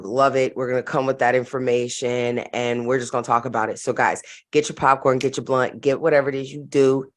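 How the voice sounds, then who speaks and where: Chatty slang-heavy woman vlog host. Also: very deep voice. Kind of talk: casual gossip commentary.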